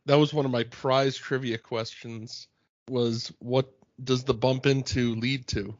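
A man's voice: medium pitch, fairly even intonation, unhurried, no room sound, muffled recording. A man co-hosting a podcast in casual chat, easygoing and laughing often. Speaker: podcast co-host. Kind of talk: casual chat recapping scenes.

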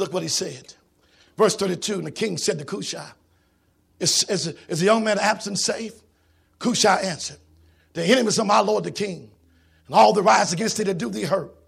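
A man preaching a sermon in a church, shouting in a sing-song preaching cadence with a raspy voice. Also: sits high.

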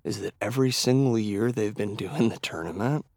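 A man co-hosting a casual comedy podcast, animated and jokey, swearing and laughing as he riffs. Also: on the low side, normal speed, creaky, no echo, studio quality. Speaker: podcast co-host.

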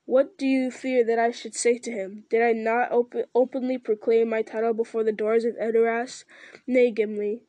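A woman voicing a noble, weary male ranger-king in a solemn, measured reading with small slips. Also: a little high, level tone, mellow, no room sound, natural voice.

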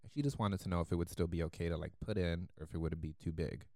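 A man on a podcast tells a story in an easy, casual way. His voice sits fairly low, and he laughs often while he acts out the people in the story. The close mic gives a dry, dead sound. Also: fairly even intonation, fast, darkish tone, no echo. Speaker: podcast co-host.

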